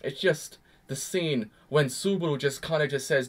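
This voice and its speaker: A young man talks in a loose, rambling way. His voice sits a little higher than most men's. He stresses words hard when he sounds exasperated. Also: moderate pace. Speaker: anime reviewer. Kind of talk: casual reaction commentary.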